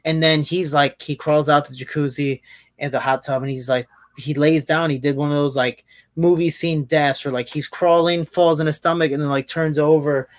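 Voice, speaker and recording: Male podcast host with a fairly high voice, lively and profane storyteller. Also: moderate pace, no echo. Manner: animated storyteller, swears freely, many restarts. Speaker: MMA fighter and podcast host. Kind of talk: casual podcast chat.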